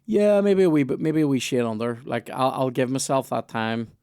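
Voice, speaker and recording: A man's voice: mid-range voice, animated, moderate pace, mellow, clear, resonant tone, no echo, studio quality. A man hosting a podcast, chatting casually and joking with many restarts. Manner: chatty, jokey, trailing restarts. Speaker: podcast host. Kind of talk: casual chat.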